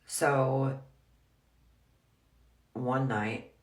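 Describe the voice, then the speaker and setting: A woman's voice: extremely low pitch, fairly even intonation, drawn-out words. A woman telling a personal story in a frank, blunt, casual way, full of "like". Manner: frank, blunt, heavy use of "like". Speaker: storyteller vlogger. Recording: roomy echo.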